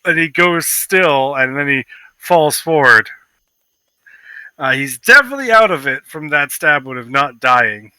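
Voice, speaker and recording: A man narrating as game master of a tabletop game, playful and animated. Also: a little high, measured pace, smooth, no room sound.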